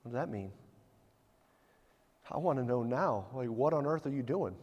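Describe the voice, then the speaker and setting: A man's voice: medium pitch, animated, normal speed, breathy edge, long reverb tail, dull audio. A man preaching a sermon as a pastor, telling the story vividly and building to emphatic points.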